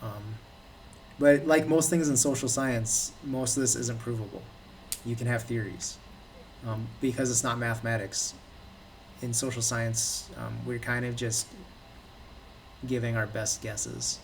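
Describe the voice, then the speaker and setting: A man with a gravelly, fry-laden voice explains his ideas in loose casual chat, hedging and circling as he lectures. He sits a little back from the mic, with a faint hiss underneath. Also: medium pitch, fairly even intonation, unhurried. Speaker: podcast co-host. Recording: distant mic with faint background noise.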